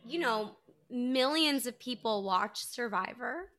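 A woman co-hosting a podcast in casual chat, animated and joking with dramatic flair. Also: fairly high pitch, slow, a little hiss or hum. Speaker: podcast co-host.

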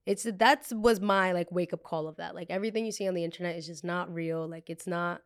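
A blunt, animated young woman from New Jersey hosting a casual storytime podcast. She swears freely and acts out what other people said. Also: on the low side, brisk. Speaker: podcast host.

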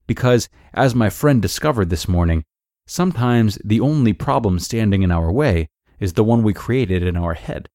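A man with a low voice reads a blog post aloud as a podcast host. His delivery is calm and measured, and the close, dry studio recording has no room sound. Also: no room sound.

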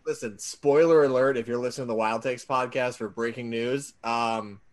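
A man's voice: medium pitch, fairly even intonation, moderate pace, dry recording. Rambling sarcastic man podcast host. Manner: rambling, sarcastic, frequent restarts and fillers. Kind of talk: casual podcast banter. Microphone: studio microphone.

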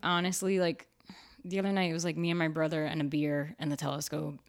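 A woman's voice: low voice, flat delivery, fast. A woman, an actor being interviewed, talking casually and chattily, full of "like" fillers. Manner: chatty, filler-heavy with frequent "like". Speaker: actor, guest. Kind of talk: casual chat.

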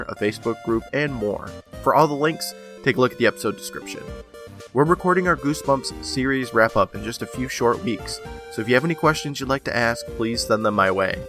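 A man co-hosting a podcast, his voice bright and forceful. He talks at a mid pitch in relaxed, friendly banter. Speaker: podcast co-host. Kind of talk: casual podcast chat and outro read.

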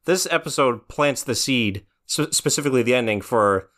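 A man co-hosting a podcast, casually retelling cartoon plots in a relaxed storytelling way. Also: mid-range voice, moderate pace. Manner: narrates plot in a relaxed, storytelling way. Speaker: podcast co-host. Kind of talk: casual chat recapping a cartoon.

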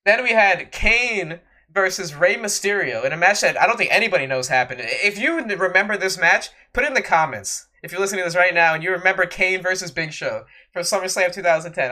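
A man's voice: high voice, a little fast, sharp tone. A man co-hosting a wrestling podcast, ranting in an exasperated, sarcastic way. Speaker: podcast co-host. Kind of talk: casual wrestling podcast rant.

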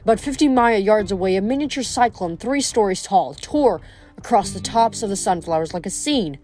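A woman reading a novel aloud in an expressive storytelling manner. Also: medium pitch, moderate pace, soft background music. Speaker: reader.

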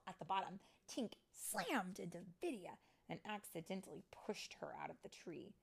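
A mother reading a picture book aloud to her child, slow and expressive, often sinking to a whisper. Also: on the low side, vocal fry, breathy edge.

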